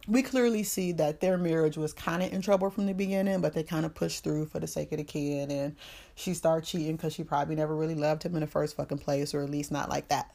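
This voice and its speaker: A low-pitched woman recaps a movie for her podcast, swearing freely and using plenty of slang. She talks casually and acts out the characters' lines as she goes. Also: creaky, a little mellow. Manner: profane, slangy storytelling with quoted voices. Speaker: podcast host.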